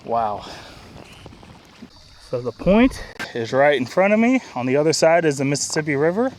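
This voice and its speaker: A man's voice: a little high, very animated, normal speed, a little hiss or hum. A man vlogging casually outdoors beside a river. He speaks plainly and often repeats himself. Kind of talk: casual outdoor travel vlog.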